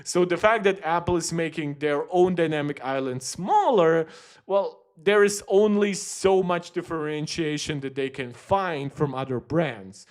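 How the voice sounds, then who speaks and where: A man's voice: on the high side, measured pace. Chatty tech streamer, a man. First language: German. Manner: chatty, rambling, frequent restarts. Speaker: tech channel host. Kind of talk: casual livestream commentary.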